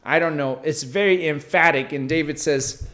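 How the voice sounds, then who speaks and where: A man's voice: fairly high pitch, moderate pace, a bit bright. A man reading Bible verses aloud and then explaining them in a casual teaching manner, often checking in with "right?".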